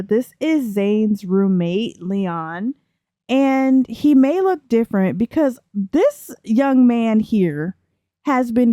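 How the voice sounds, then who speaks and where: A woman's voice: fairly high pitch, mellow, no echo, studio quality. Playful young woman narrating a game. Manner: chatty, playful, laughs often. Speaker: let's play host. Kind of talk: casual gameplay commentary.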